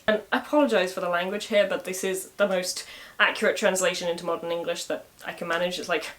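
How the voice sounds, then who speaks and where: A woman's voice: on the low side, brisk. A woman retelling a medieval saga in a casual way, with wry, sarcastic asides. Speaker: storyteller.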